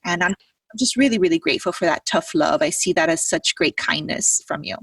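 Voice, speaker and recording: A woman hosting a podcast, talking casually and warmly grateful as she retells a story with quoted dialogue. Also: on the low side, fairly quick, husky, no echo, recorded from a distance. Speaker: podcast host. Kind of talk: casual conversational interview.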